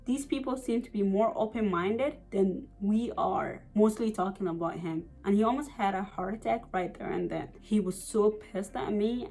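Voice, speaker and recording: A young woman from the United States telling a personal story in a casual vlog, animated and profane, full of "like" and "you know". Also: mid-range voice, poor audio. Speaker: vlogger.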